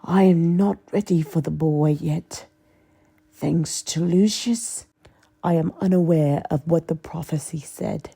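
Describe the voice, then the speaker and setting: A woman voicing a cold, sinister male dark lord who hisses his orders in a low, menacing voice. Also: slow, gravelly, husky, heavily acted.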